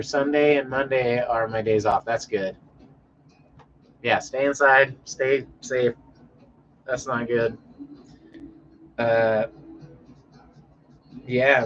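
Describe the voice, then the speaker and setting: A man's voice: mid-range voice, fairly bright tone, dull audio, a little hiss or hum. A man from Denver hosting a casual livestream, rambling in a laid-back way and answering viewers in chat by name. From Denver, Colorado. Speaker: livestream host reading chat. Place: home, indoors.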